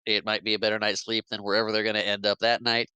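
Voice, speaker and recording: A man's voice: on the low side, flat delivery, fast, sharp tone, clean tone, dry recording, highs cut off. A man co-hosting a podcast, casually recapping a film and acting out the quoted lines as he goes. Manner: retells scenes, lightly acting out quoted lines. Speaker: podcast co-host.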